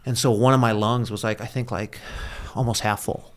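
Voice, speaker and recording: A man's voice: medium pitch, fairly even intonation, moderate pace. A man talking as a podcast guest in a casual, rambling storytelling manner, full of fillers and restarts, often laughing at himself. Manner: laughs at his own story. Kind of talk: conversational storytelling.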